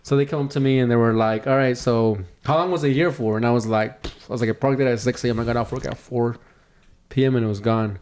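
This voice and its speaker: A man co-hosting a podcast, telling a story in casual chat, acting out other people's lines with sudden jumps in pitch and lots of swearing. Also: quick pace. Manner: animated, acts out quotes with big pitch jumps, swears a lot. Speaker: podcast co-host.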